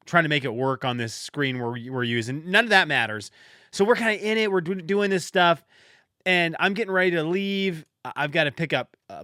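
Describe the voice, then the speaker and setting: A man's voice: medium pitch, sharp tone, no room sound. A man hosting a podcast alone, telling stories in a rambling, self-deprecating way with frequent restarts, close to the mic. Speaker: podcast host. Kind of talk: casual solo podcast monologue.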